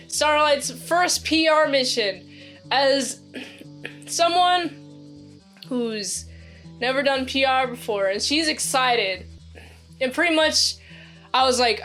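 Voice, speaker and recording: A young woman recaps a TV episode in a loose, filler-heavy ramble, often talking back to the characters. Her voice sits fairly high and she takes her time. Soft music plays faintly in the background. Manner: enthusiastic, talks back to the characters. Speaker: series reviewer. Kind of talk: casual spoken review.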